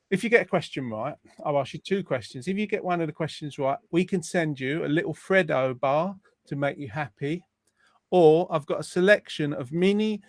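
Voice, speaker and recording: A man with a fairly high voice hosts a live online chat show. He sounds upbeat and chatty as he reads out viewer greetings. The sound is dry and close. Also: no room sound. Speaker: host.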